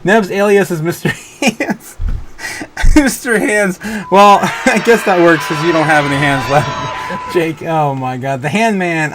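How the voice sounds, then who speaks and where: A man's voice: a little high, slow, noisy background. A man hosting a casual livestream, reading viewer chat and rambling, often breaking into helpless laughter. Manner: rambling, many fillers and restarts. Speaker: livestream host.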